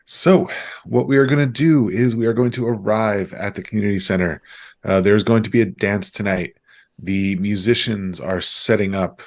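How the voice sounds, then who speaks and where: A man running a tabletop horror game as game master, setting the scene briskly. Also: on the low side, steady tone.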